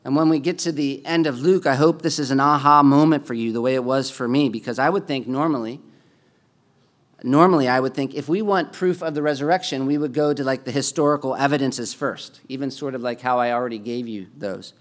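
A man's voice: mid-range voice, brisk. Conversational man preaching a sermon. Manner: conversational preaching, rising with emphasis on key points. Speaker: pastor.

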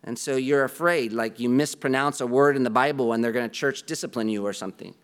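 This pastor talks fast in a mid-range voice that is clear and resonant. His sermon to the congregation is earnest and conversational, with a self-deprecating aside thrown in.

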